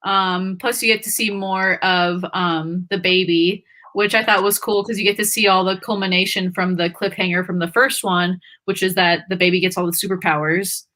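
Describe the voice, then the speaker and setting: A woman's voice: fairly low pitch, fairly even intonation, normal speed, pushed and bright. A woman on a video-call panel who laughs easily and talks in a playful way. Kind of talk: casual panel chat on a live stream.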